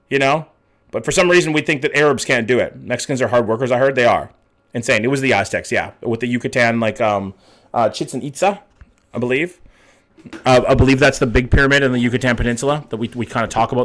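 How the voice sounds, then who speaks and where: A man's voice: mid-range voice, a bit bright. A young man hosting a live stream, chatting casually with viewers, reading chat aloud and swearing often. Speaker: livestream host reading chat.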